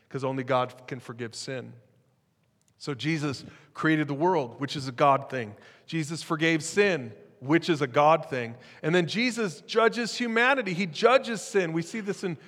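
A man preaching a sermon as pastor, in a lively, conversational way with jokes. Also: on the high side, big-room sound.

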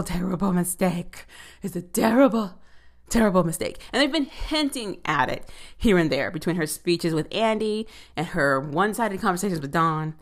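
Sassy woman doing a TV recap. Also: on the low side. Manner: sassy, profane, animated commentary; quick asides with filler words. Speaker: TV episode recapper. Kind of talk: casual show recap.

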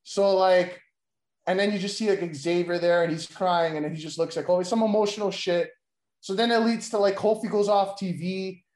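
A man in a casual chat, pitching wrestling storylines in a rambling way, with constant fillers and free swearing. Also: moderate pace, darkish tone. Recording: roomy echo.

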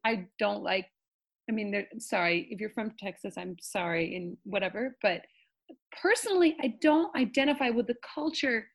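A woman's voice: medium pitch, normal speed, vocal fry, husky. Upbeat laughing woman host. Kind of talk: casual chat.

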